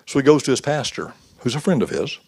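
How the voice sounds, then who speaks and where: A man's voice: mid-range voice, sing-song, quick pace, husky. A man giving a folksy, conversational youth sermon, acting out quotes as he goes. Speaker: youth pastor.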